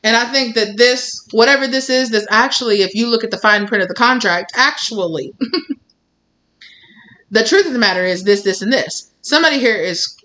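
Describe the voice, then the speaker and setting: A woman's voice: fairly high pitch, moderate pace, fairly bright tone. A woman giving a casual tarot reading to her viewers, rambling with lots of "like" and "you know". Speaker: tarot reader.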